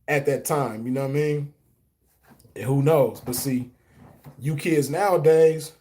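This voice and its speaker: A man's voice: fairly high pitch, a little mellow. A man hosting a stream, telling a story in a loose casual monologue and answering chat, with lots of "you know what I mean" fillers. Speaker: host reading chat comments.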